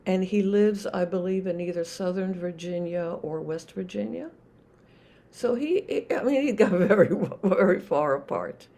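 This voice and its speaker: An older woman, a Zen teacher, giving a reflective dharma talk with many pauses and restarts. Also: on the low side, vocal fry, warm tone.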